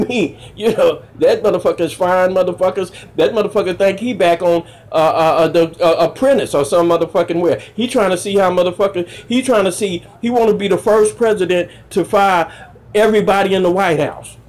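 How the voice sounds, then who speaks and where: Profane, animated stand-up comedian man. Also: a little fast. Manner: profane, animated, jumps into high exclaiming yells. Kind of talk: stand-up storytelling.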